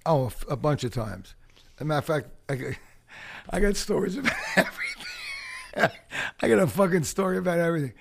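A man, a podcast guest telling profane, animated stories. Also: on the high side, a little fast, gravelly. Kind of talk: storytelling chat.

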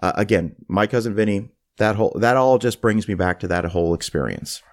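Low-voiced man telling a story. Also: a little fast. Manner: animated, restarts phrases. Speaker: podcast host. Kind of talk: casual storytelling.

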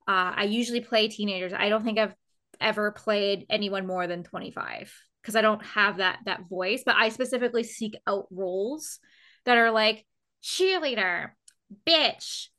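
Canadian girl late 20s, sounds really young and girly, bright voice, says like a lot. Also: mid-range voice, normal speed. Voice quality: youthful girlish voice. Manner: chatty, lots of "like". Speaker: voice actor. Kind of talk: casual roundtable chat.

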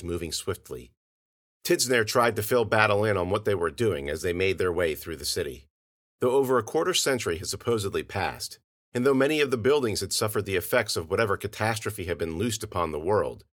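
A man narrating audio fiction in an expressive storytelling manner. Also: on the low side.

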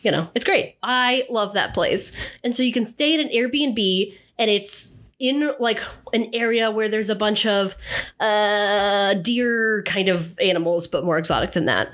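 A woman's voice: mid-range voice, measured pace, a bit bright. A pregnant woman, co-hosting a podcast in a chatty, self-mocking way. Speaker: podcast co-host. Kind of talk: casual chat.

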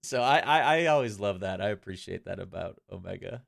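A man with a fairly low voice co-hosts a casual fan podcast, rambling through his thoughts with animated asides. He laughs often as he talks. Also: brisk, gravelly. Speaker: podcast co-host.

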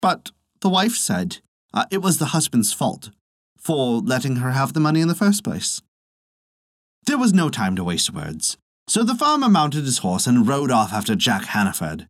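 A man narrating a folktale in a measured, expressive storytelling manner. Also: medium pitch, no room sound, clean studio sound.

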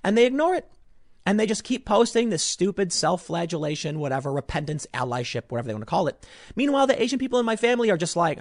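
A sarcastic man giving opinionated commentary in a fairly high, very lively voice. He mocks as he goes, jumping from loud outbursts to low muttered asides. The recording is close and dry. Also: fast, no echo.

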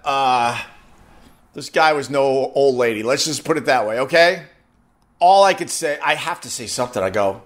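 A man telling a casual, profanity-laced story to live viewers, acting out the voices of the people in it. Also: on the high side. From New York. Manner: animated, acts out quoted voices, swears freely. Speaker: host chatting with live viewers.

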